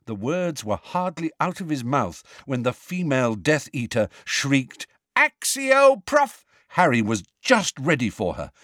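A man reading a fantasy novel aloud as narrator, measured and dramatic. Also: medium pitch, big pitch swings, fairly bright tone, no room sound, studio quality. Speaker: audiobook narrator. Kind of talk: scripted narration.

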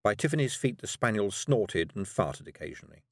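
A man reading a fantasy novel aloud as an audiobook narrator, measured and drily humorous. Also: on the low side, very animated, dry recording, studio quality.

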